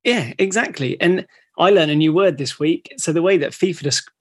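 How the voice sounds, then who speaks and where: A man's voice: fairly high pitch, moderate pace. A man co-hosting a podcast in an upbeat, casual way, laughing often and agreeing readily. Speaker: podcast co-host. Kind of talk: casual chat.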